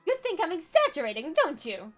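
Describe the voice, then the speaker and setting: A woman voicing a haughty, sharp-tongued noblewoman who lectures about rules. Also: very high-pitched, huge pitch swings, fairly quick, soft background music, pitched above the performer's own voice, exaggerated voice. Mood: lecturing. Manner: prim and lecturing.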